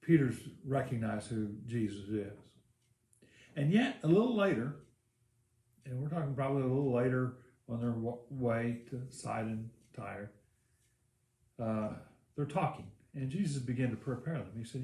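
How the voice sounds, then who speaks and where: A male pastor with a warm, medium-pitched, expressive voice preaches a sermon in church at normal speed. He tells the story in a casual, rambling way with many fillers, and the room sounds echoey.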